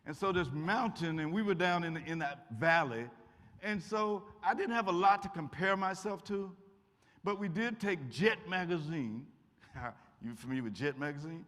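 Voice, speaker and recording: A man's voice: on the high side, normal speed, fairly bright tone. An older man with an Eastern Kentucky accent, a guest speaker giving a folksy, joking college talk and answering audience questions. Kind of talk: lecture and audience Q&A. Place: college auditorium. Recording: echoey hall.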